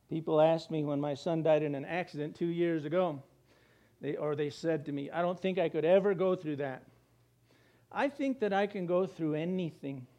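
A middle-aged man preaching a sermon in church, animated and laughing, now and then mimicking gloomy complainers. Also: on the high side. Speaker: pastor.

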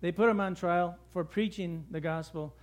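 A middle-aged male pastor preaching a sermon with lively, conversational storytelling. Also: high-pitched, normal speed.

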